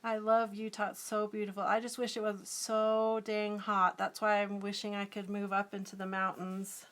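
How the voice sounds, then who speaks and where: A woman's voice: mid-range voice, little pitch movement, moderate pace, fairly bright tone. A middle-aged woman artist chatting casually on a live stream, giggling often and answering viewer comments as she draws. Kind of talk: casual live-stream chat while drawing.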